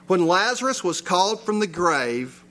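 A man's voice: high-pitched, big pitch swings, normal speed, a bit bright. A man preaching a sermon in a church, reading scripture and asking his listeners rhetorical questions with rising emphasis. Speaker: pastor.

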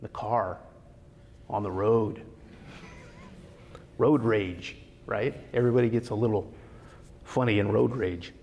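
A man's voice: lowish voice, takes it slowly, long pauses, a little mellow, lo-fi sound, slight background noise. A man preaching a Bible study sermon in a conversational way, often tossing rhetorical questions to his listeners. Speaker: pastor. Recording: long hall reverb.

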